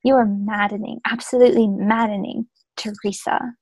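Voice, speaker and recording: A woman's voice: medium pitch, steady tone, normal speed, a little mellow, husky, no room sound. A woman playing a moody young British man in a clumsy put-on accent that drifts between British, Irish and Scottish over a video call. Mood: brooding. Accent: wobbly British accent drifting Irish and Scottish. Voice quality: overdone, breaking into giggles.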